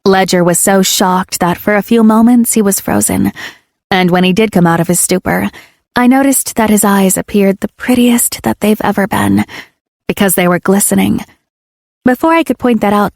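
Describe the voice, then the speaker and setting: An audiobook narrator, a woman with a medium-pitched, softly gravelly voice, reads a first-person story. The sound is dry and clean, like a studio recording.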